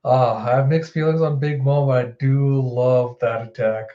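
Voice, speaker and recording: A man giving casual, excitable reaction commentary as a manga reviewer, laughing often. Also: medium pitch, moderate pace. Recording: slightly muffled lo-fi recording.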